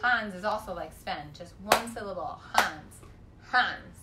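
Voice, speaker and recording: A woman in her thirties teaching an online kindergarten phonics lesson from home, prompting words with bouncy, clearly enunciated delivery. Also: medium pitch, unhurried, heavy background noise. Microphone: phone camera. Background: guitar played alongside.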